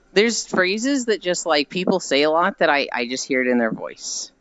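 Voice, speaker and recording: A woman's voice: sits low, sing-song, a little slow, fairly bright tone, smooth, no echo, highs cut off. A woman streamer chatting casually and rambling with frequent giggles while she walks. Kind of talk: casual chat while walking.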